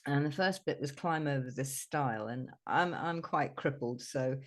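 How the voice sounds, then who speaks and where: A woman guest, a psychotherapist, chatting casually in an interview and telling animated stories with laughs and mild swearing. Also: very deep voice, normal speed. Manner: animated storyteller, acts out voices, laughs and swears.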